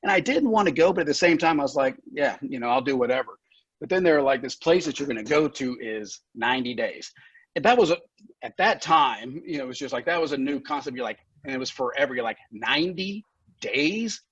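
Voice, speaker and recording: Man, podcast guest, candid and profane, husky voice, dry dull lo-fi audio. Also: medium pitch, animated, quick pace, no echo. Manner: frank and profane, laughs often, gets emotional. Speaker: guest, recovery center founder. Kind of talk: candid conversational storytelling.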